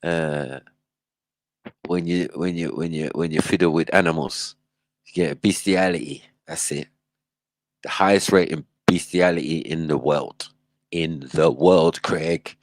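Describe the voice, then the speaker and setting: A man's voice: very deep voice, steady tone, measured pace, no echo. A man hosting a livestream, reacting in casual, slangy commentary and laughing often. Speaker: livestream host.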